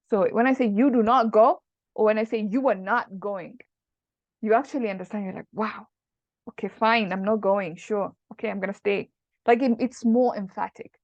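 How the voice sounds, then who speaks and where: A woman's voice: fairly high pitch, no room sound. Woman teaching grammar, dull dry sound. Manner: explains patiently, switches into Arabic quotes. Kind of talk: casual online lesson.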